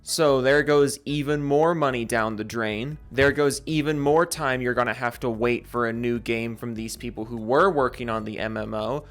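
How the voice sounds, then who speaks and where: A man hosting a gaming commentary channel, ranting angrily and sarcastically with plenty of swearing, then reading out member shoutouts in a jokey way. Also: mid-range voice. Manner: angry, sarcastic, profane, jokey.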